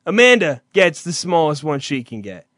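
Guy hosting a podcast, high bright voice, dead dry mic, swears a lot and ribs his buddy. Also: big pitch swings, moderate pace, dry recording. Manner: teasing storyteller, loud impressions of his cohost. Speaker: podcast host. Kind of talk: casual profane banter.

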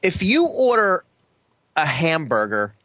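A man's voice: on the high side, huge pitch swings, slow, sharp tone, dry recording. A man telling an exasperated anecdote in casual talk, often stumbling and repeating words. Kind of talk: casual storytelling chat.

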